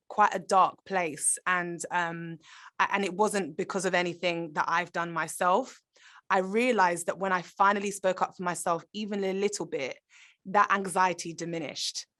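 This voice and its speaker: A woman's voice: lowish voice, steady tone, moderate pace, a bit bright. A woman, an actor, talking in a conversational interview, earnest and reflective, often restarting her sentences. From Britain.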